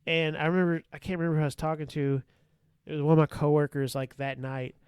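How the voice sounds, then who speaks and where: A man's voice: fairly high pitch, fast, smooth, no room sound. Male guest storyteller with a clean, resonant voice and a dry close-mic sound, swearing freely while acting out scenes. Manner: profane, laughing, animated retelling. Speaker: podcast guest. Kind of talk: casual storytelling.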